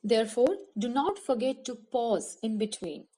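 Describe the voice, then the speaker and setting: A woman teacher with an Indian English accent, giving a measured, scripted lesson on public speaking and listing her points one by one. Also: fairly high pitch, lively intonation, mellow, slight background noise. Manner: measured, instructive, enumerating points.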